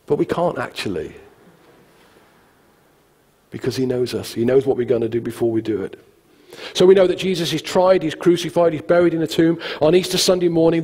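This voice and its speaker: A male pastor retells the story with humor. His voice is on the higher side and a little husky, and a long church-hall reverb trails behind him. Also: darkish tone. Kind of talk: sermon.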